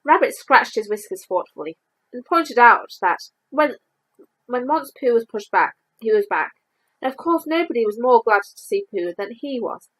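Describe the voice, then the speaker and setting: Expressive woman reading a storybook aloud. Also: fairly high pitch, low-quality recording. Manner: lively, expressive reading with slowed emphases.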